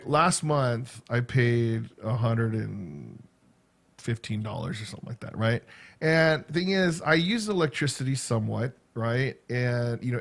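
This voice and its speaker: A man in his fifties chats casually to his viewers in a middle-pitched voice. He rambles and circles back, repeating words and stacking fillers as the story unfolds. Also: creaky. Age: 50s. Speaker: vlogger and school teacher. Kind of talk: casual chat.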